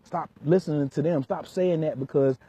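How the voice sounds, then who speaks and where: A man's voice: fairly high pitch, normal speed, dark tone, breathy edge, no room sound, highs cut off. A man working as a relationship coach, lecturing hard in an emphatic vlog rant full of street slang.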